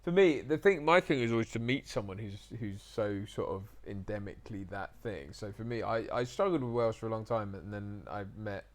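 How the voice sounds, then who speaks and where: A man's voice: fairly low pitch, fairly quick, hardly any pauses. A man co-hosting a livestream, chatting casually, swearing freely and laughing often. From England. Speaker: co-host.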